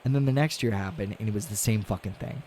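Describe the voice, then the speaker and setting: A man streaming a game, talking casually and ranting with lots of swearing, dropping to low mutters and rising to loud outbursts. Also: fast, slight background noise. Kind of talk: casual gaming stream chat.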